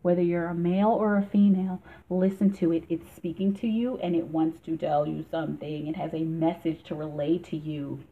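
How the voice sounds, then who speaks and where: A woman's voice: lowish voice, steady tone, normal speed, hardly any pauses. A woman giving a casual tarot reading for a vlog, chatty and emphatic, laughing often. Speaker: tarot reader. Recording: tinny phone-like sound.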